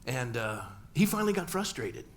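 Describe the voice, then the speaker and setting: A man's voice: medium pitch, big pitch swings, normal speed. A middle-aged man, a pastor, telling a personal story in a sermon and acting out family dialogue with humor. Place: church sanctuary.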